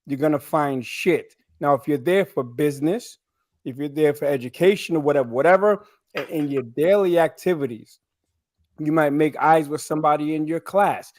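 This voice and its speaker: A man with a slightly high voice tells blunt stories on a casual podcast panel. His sound is dry and close to the mic, with no room around it. He keeps checking in with his listeners as he talks. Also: normal speed, no room sound. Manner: blunt storytelling, frequent "you know what I'm saying".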